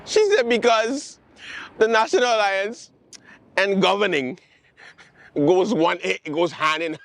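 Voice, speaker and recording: A man hosting a late-night comedy show, ranting about politics in a sarcastic, animated way. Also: sits high, a little slow, creaky. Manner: animated, sarcastic, mocking quotes and repetition. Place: outdoors with planes overhead.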